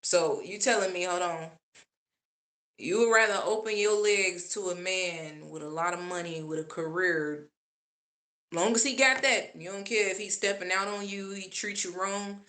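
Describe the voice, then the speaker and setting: A woman giving casual opinion commentary as a vlogger, sassy and animated, laughing often. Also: on the low side, normal speed.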